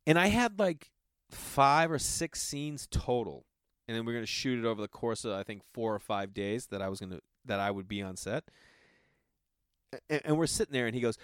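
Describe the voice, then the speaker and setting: A man's voice: mid-range voice, animated, moderate pace, no echo, studio quality. A man, an actor, telling a casual anecdote in a rambling way, with a constant filler 'like'.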